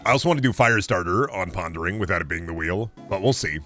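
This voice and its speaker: A man's voice: sits low, lively intonation, quick pace, a bit bright, faint music behind. A man streaming, chatting casually in a rambling, profane, sarcastic way.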